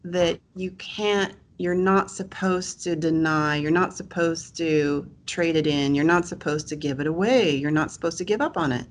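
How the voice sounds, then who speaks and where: A woman's voice: low voice, normal speed, few pauses. A woman who is a podcast guest, speaking earnestly with emphatic repetition. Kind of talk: casual chat.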